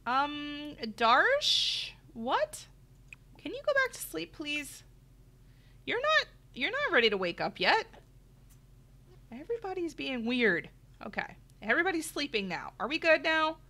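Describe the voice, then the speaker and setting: A woman's voice: sits high, big pitch swings, a little slow, bright, forceful tone. A middle-aged woman giving chatty let's play commentary, talking to her viewers and exclaiming at the game. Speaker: gaming channel host. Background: faint game music.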